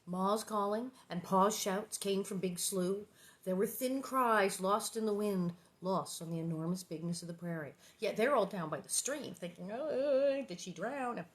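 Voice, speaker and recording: A woman's voice: mid-range voice, normal speed. A woman chatting casually and reading a children's novel aloud, rambling and playful with many asides.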